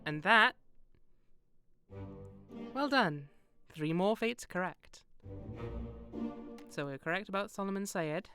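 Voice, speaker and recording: A woman's voice: medium pitch, lively intonation, takes it slowly, pauses often, music in the background. A young woman streamer giving casual, joking commentary while playing a game, talking to herself and to her viewers. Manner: joking, wry, talks to herself and chat.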